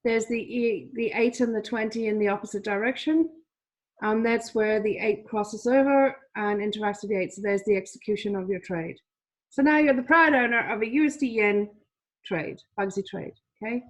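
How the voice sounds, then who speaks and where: A woman's voice: mid-range voice, moderate pace. A woman teaching a trading lesson over a shared screen, chatty, repeating herself, with many fillers. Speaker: trading coach.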